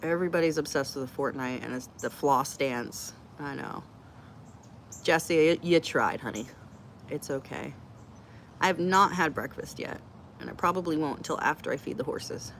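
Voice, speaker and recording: In a low, slightly bright voice at a moderate pace, a middle-aged woman chats through a casual live Q&A, bluntly joking as she responds to comments from her viewers. A little hiss or hum sits under the audio.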